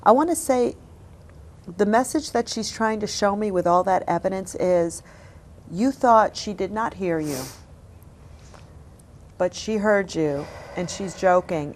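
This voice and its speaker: A woman hosting as a psychic medium, giving a reading in a gentle, apologetic, emotional way that often drops to a soft hush. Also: medium pitch, unhurried, a little hiss or hum.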